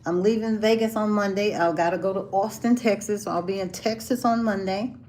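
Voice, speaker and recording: In a low-quality recording from a city hotel, with a band playing downstairs, a woman hosts a casual livestream chat with viewers. Her mid-range, darkish voice is fairly even and a little fast, and she laughs often and acts out the voices of people in her stories.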